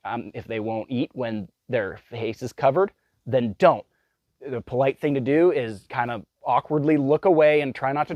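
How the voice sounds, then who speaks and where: A man's voice: mid-range voice, no echo. A man ranting in a casual vlog monologue, blunt and profane, rambling with many restarts. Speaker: vlogger.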